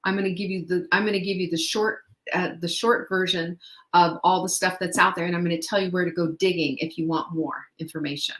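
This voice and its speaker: A woman's voice: on the low side, fairly even intonation, fairly quick, a bit bright. Middle-aged female host, upbeat motivational chat, rhetorical questions, roomy echo. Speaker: podcast host. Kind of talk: motivational talk.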